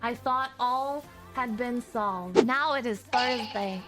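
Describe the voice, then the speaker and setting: A woman streamer telling a frustrating story in a casual, animated rant, acting out both sides of the conversation with exasperation. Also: fairly high pitch, slow, soft background music.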